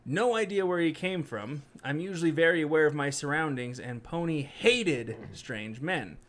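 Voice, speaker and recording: A man's voice: fairly high pitch, lively intonation, normal speed, fairly bright tone. A young man co-hosting a podcast, chatting casually and reading scary stories aloud with joking asides. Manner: joking, does silly voices for quoted people. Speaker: podcast co-host.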